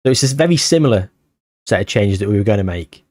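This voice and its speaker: A man's voice: on the low side, fast talker, no echo. Nervy guy narrating his football sim match, breathless, yelps when it hits the post, dry close mic. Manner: anxious, breathless, bursts into excited shouts. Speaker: gaming YouTuber. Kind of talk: live game commentary.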